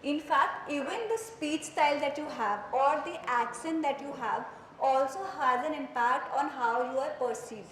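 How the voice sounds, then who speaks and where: A woman with an Indian accent and a high-pitched voice teaches a psychology class, slipping in Hindi phrases and checking in with students as she goes. Her voice bounces around a roomy classroom, with a faint hum of room noise behind it. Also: moderate pace, a bit bright. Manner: conversational, mixes in Hindi phrases, quizzes students with questions. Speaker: psychology lecturer. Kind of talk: classroom lecture.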